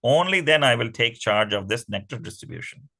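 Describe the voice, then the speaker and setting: A man voicing an alluring divine enchantress who gently warns and bargains, in a raised voice. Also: mid-range voice, lively intonation, a little fast, creaky, full character voice. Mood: bargaining. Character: alluring divine enchantress woman, calm and teasing.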